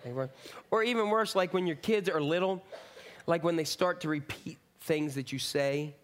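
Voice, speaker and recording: A man's voice: fairly high pitch, normal speed. A middle-aged man preaching a sermon in a conversational, rambling way with asides and jokes. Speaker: pastor.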